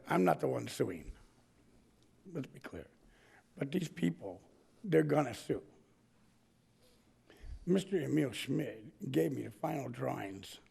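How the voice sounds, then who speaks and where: A man's voice: a little high, vocal fry, a little mellow, slightly rough. A man with a strained voice, giving a blunt, indignant public comment at a council meeting and repeating points for emphasis. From United States.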